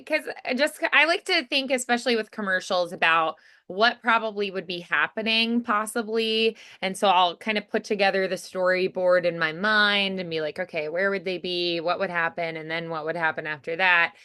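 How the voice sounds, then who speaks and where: A woman's voice: on the low side, moderate pace, hardly any pauses, sharp tone, smooth. A woman coaching a voice actor in a chatty way, acting out sample lines and laughing often.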